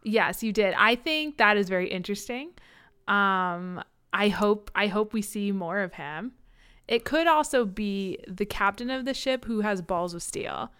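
A woman co-hosting a book podcast in casual chat, sarcastic and quick to laugh as she retells the plot. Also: mid-range voice, expressive, fairly bright tone, clear, resonant tone. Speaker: podcast co-host.

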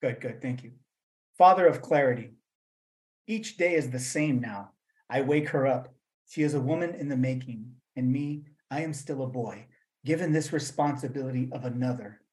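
A man reading his own poems and then talking about them, in a measured voice for the verse and a loose, rambling one with fillers for the talk, over a video call. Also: medium pitch, a little mellow, low-quality recording. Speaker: poet reading his work. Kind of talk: poetry reading and talk at a virtual event.

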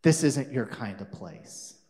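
A man's voice: medium pitch, lively intonation, takes it slowly, a little mellow, long reverb tail, pitched below the performer's own voice. A man voicing a snobbish grown man who coldly turns a guest away in a children's story. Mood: dismissive. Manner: cold, dismissive.

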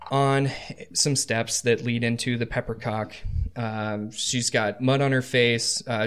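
A man's voice: medium pitch, clear, resonant tone. A man running a tabletop game as game master, describing scenes like camera shots.

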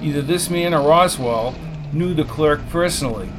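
A man reading a novel aloud as the narrator, in a steady, measured way. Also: on the high side, background noise. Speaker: audiobook narrator. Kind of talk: scripted narration.

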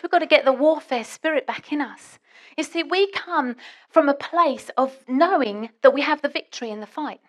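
A woman preaching a sermon in a church, dramatic and swinging between hushed and loud. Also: high voice.

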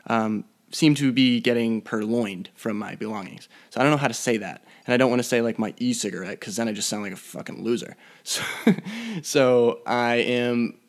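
A young man hosting a podcast alone, rambling in a profane, mock-threatening way. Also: lowish voice. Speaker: podcast host. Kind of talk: casual solo podcast rant. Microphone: podcast mic.

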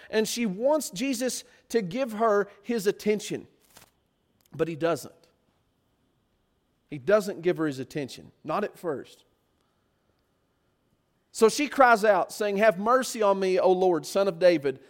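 A man preaching a sermon, often putting rhetorical questions to his listeners. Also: high voice.

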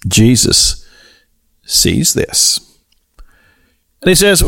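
Slow, gravelly-voiced male radio pastor. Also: sing-song. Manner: slow and deliberate, swelling to emphatic highs when storytelling. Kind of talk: radio sermon.

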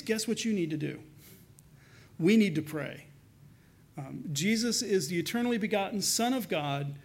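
High-pitched pastor guy preaching, talks it through casually, slows way down on the verses. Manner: earnest, conversational preaching with slow emphatic scripture reading. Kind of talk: sermon.

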